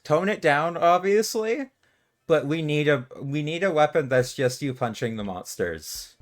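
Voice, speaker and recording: Slow-talking young man, hesitant. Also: on the high side, lively intonation. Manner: slow, hesitant, trails off searching for words. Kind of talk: casual chat.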